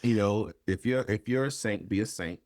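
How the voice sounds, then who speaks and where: Very deep-voiced man, frank talker. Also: normal speed, darkish tone, dry recording, studio quality. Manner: frank, swears freely, acts out quotes. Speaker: podcast guest, therapist. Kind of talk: casual conversation.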